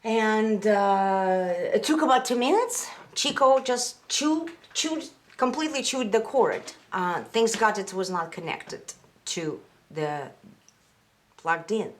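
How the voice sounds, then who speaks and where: A woman teaching piano in her home studio, with halting phrasing, who counts out rhythms in sung syllables. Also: medium pitch. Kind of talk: piano lesson. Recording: loud piano playing behind her.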